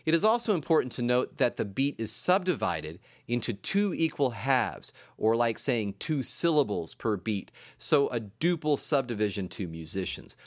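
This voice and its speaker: A man, a composer and music teacher, explains dance rhythms in a measured lecture, counting beats aloud as he goes. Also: medium pitch, big pitch swings, dry recording, studio quality. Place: school campus room.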